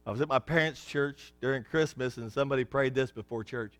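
A pastor preaching a sermon, folksy and joking with the congregation, swinging from hushed lows to excited shouts. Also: male voice, fairly quick, dry recording.

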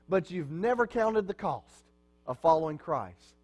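A man's voice: sits high, expressive, moderate pace, darkish tone. A man preaching a sermon as pastor, in a conversational way, asking his congregation questions and answering them.

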